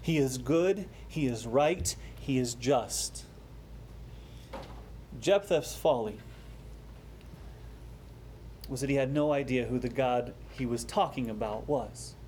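A man preaching a sermon, explaining a scripture passage with rising emphasis and quieter, slower asides. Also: medium pitch, a little hiss or hum. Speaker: pastor.

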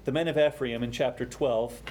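A man preaching a sermon, explaining a scripture passage with rising emphasis and quieter, slower asides. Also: mid-range voice, steady tone, slight background noise. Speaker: pastor.

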